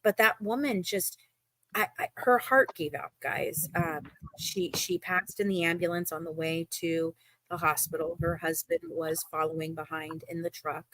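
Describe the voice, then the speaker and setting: A woman's voice: low-pitched, steady tone, normal speed, a bit bright, dry recording. A woman talking emotionally and emphatically in a casual chat, often repeating herself.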